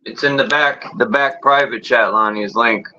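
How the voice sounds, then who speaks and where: A man's voice: mid-range voice, normal speed, sharp tone, highs cut off, a little hiss or hum. An American man hosting a live voice chat, joking loosely and swearing casually. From United States.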